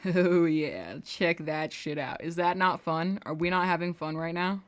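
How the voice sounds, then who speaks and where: A woman's voice: on the low side, a little slow. A young woman livestreaming her animation work, chatting casually, rambling and muttering to herself as she draws. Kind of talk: casual chat while drawing on stream.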